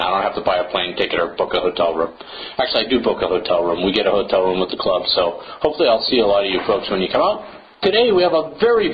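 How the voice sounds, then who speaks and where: Playful, wordy American man hosting a podcast. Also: fairly low pitch. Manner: playful, theatrical, wordy, with swells of emphasis. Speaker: podcast host. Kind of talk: solo podcast monologue. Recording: slightly dull, faint hiss.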